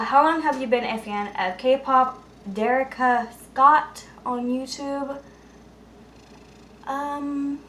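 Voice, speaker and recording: A woman vlogger with a slightly high voice runs through viewer questions in a loose, rambling way. She fills her pauses with "uh"s and sometimes sinks to a soft murmur. The room around her is echoey, with a faint hum of noise in the background. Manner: chatty and rambling, many "uh" fillers, drops to a soft murmur at times. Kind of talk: casual Q&A vlog.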